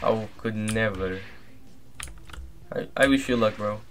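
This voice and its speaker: A young man giving casual, low-key commentary while livestreaming a game, now and then flaring up at opponents. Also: unhurried, a little hiss or hum. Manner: laid-back and low-key, flares up loud and angry at opponents. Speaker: streamer.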